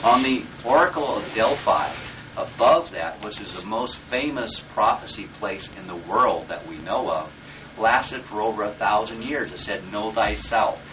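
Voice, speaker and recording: A man's voice: fairly low pitch, lively intonation, a little slow, fairly bright tone. A man giving a live seminar talk in a blunt, profane way, often checking in with his listeners. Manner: blunt and profane, checks in with "okay?" and "does that make sense?". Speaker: seminar instructor. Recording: distant, dull lo-fi room recording with faint noise.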